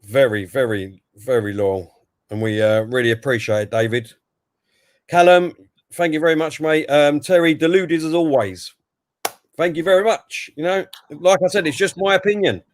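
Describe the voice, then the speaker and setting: A man's voice: a little high, normal speed, no room sound, clean studio sound. Chatty man hosting a fan stream. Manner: chatty, reads out viewer comments. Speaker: livestream host. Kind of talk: casual football fan chat.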